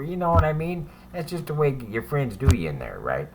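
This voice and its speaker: A man's voice: mid-range voice, huge pitch swings, a little fast, vocal fry, background noise. A man telling a story about his time in prison in a casual, profane, rambling way, often adding "right?" as he goes.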